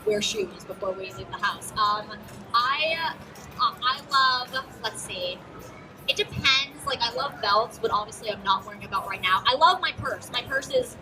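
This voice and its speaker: A bubbly teenage girl answers a host's questions on a live stage, her fairly high voice full of ums and little giggles. She sounds distant from the microphone. Loud music keeps playing underneath her. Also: animated, moderate pace. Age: teens. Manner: bubbly, giggly, many fillers. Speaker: guest actress. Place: auto show stage with a crowd.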